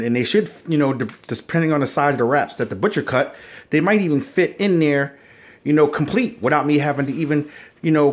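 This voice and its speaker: A man in casual, rambling talk, unboxing a kitchen appliance at home and filming on a phone propped on a stand. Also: medium pitch. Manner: laid-back, rambling, slangy. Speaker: unboxing vlogger. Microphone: phone on a wobbly stand.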